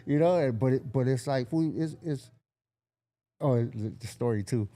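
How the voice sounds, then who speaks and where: A man with a very dark, mellow voice tells a story in loose, slangy chat. He hails from Southern California and acts out the people he quotes, jumping up in pitch. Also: moderate pace. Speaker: rapper guest.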